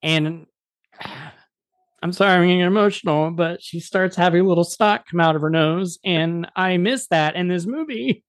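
A man's voice: high-pitched, a little slow, no echo. A man hosting a casual movie review chat, talking with enthusiasm and often repeating words as he goes. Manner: enthusiastic, frequent word repeats. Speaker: podcast host.

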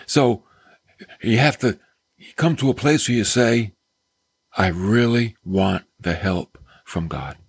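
A man preaching a sermon in an earnest, exclamatory way, sometimes dropping to soft near-whispers. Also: fairly low pitch, slow pace, vocal fry, long pauses, husky.

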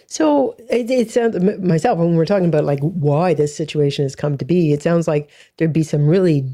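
Very dark-voiced interviewer. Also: mid-range voice, steady tone, a little fast. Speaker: podcast interviewer. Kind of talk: interview conversation.

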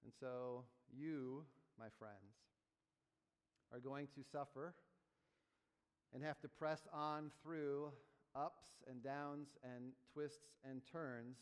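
A man's voice: medium pitch, fairly even intonation, takes it slowly, clear, resonant tone. A man preaching a sermon, moving between explaining and building emphatic repeated phrases. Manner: emphatic rhythmic preaching with teaching asides. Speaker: pastor. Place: church sanctuary. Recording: long reverb of a church hall.

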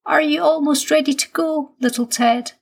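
A woman voicing a gentle, reassuring mother in a children's storybook. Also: high-pitched, steady tone, normal speed, creaky, voice pushed up. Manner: soothing, lightly teasing.

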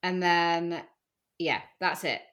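A woman co-hosts a podcast in easy, casual chat, opinionated and quick to put herself down. Her voice sits a little low but comes across bright and forceful. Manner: chatty, self-deprecating, opinionated. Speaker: podcast co-host.

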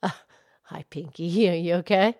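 Woman doing Mildred, a calm cow co-host. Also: lowish voice, normal speed, no room sound, clean studio sound. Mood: gentle. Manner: gentle, reassuring, explains facts patiently. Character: calm, kindly, knowledgeable female cow co-host. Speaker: podcast co-host. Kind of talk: in-character kids' podcast chat.

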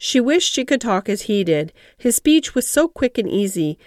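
Calm lady reading a storybook aloud, dry sound, measured. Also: on the high side, no echo. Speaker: audiobook narrator. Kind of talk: scripted storybook narration.

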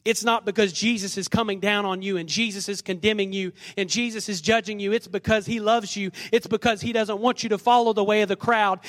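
A man's voice: sits high, a bit bright. A man preaching a sermon as pastor, leading the congregation in responses and reading scripture dramatically in a church. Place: church sanctuary. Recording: long reverb of a large hall.

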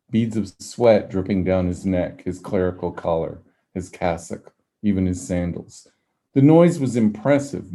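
A male author reading his own novel aloud in steady, measured storytelling. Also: sits low.

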